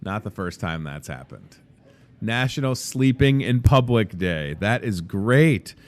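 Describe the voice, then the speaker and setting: A man's voice: fairly low pitch, sing-song, unhurried. Chatty guy hosting a store promo, voice bouncing up and down a lot, goofy and upbeat. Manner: jokey, rambling, upbeat. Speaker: store show host. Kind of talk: casual live promo chat. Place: inside a grocery store.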